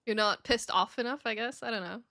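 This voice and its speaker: High, bright, giggly woman streamer. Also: a little fast, dry recording, studio quality. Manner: giggly, teasing. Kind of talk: casual chat.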